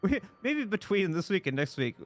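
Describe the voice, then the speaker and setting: A man's voice: high voice, very animated, moderate pace, soft background music. A man running a tabletop game as game master, casual and hesitant, with many fillers, then reading scene narration.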